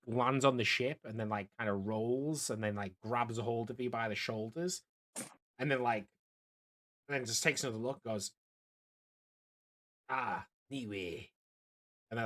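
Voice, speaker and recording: A man's voice: medium pitch, normal speed, a bit bright. A man narrating a tabletop game as dungeon master, hesitant and full of fillers.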